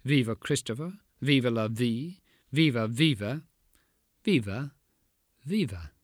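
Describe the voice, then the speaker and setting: A man giving a poetry reading in a rhythmic, incantatory way, pausing for effect. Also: mid-range voice, animated, no room sound, studio quality. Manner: rhythmic, incantatory delivery with dramatic pauses. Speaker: poet.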